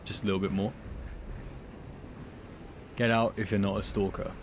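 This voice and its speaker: A young man giving casual, joking commentary while playing a video game, sometimes breaking into high excited yelps. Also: moderate pace, background noise. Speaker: gameplay commentator. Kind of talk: casual let's-play commentary.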